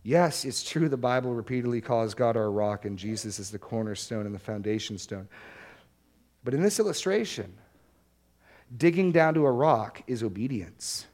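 An earnest male pastor delivers a sermon, slowing down and leaning on the words that matter. His pitch sits in an ordinary middle range, and he repeats his main points for emphasis. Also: lively intonation, darkish tone. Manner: earnest preaching, slows and stresses key words.

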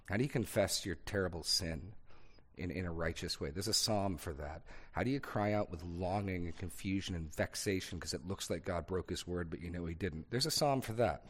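A pastor explains scripture to his group with a somewhat low male voice. He thinks aloud with small restarts, then builds his points through earnest, rhythmic repetition. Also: a little fast. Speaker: pastor leading a Bible discussion. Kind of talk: unscripted teaching in a sermon discussion.

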